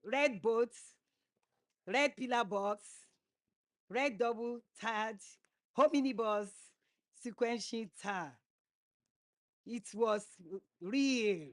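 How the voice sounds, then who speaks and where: A woman reciting a poem on a conference stage, halting now and then to restart a word. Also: fairly high pitch. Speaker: poetry reader.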